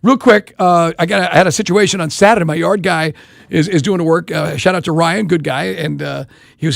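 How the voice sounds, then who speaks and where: Fast-talking high-voiced radio host man. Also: vocal fry, no room sound, studio quality. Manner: animated storytelling, quick and chatty. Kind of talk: casual radio chat. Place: radio studio. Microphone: studio microphone.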